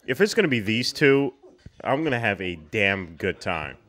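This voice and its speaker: A man's voice: on the low side, very animated, moderate pace, music in the background. A man hosting a reaction video, exclaiming and chatting in casual slang about what he watches.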